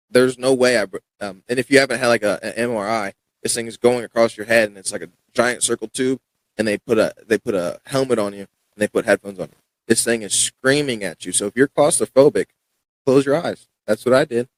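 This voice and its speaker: A young man tells a long personal story in a loose, casual way, stumbling over restarts and acting out what others said. His voice sits fairly low. The sound is dry and close, with no room around it. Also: no echo, low-quality recording. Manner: rambling, frequent restarts and fillers, acts out quoted dialogue. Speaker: podcast guest, MMA fighter.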